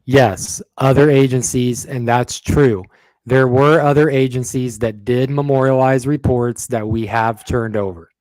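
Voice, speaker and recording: Brief: man voicing a detective witness, formal and measured, dry close recording. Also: mid-range voice, steady tone, a little mellow, dry recording, natural voice. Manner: measured, formal, apologetic answers. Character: male police detective testifying in court. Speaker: reader in a transcript read-through. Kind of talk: courtroom transcript reading.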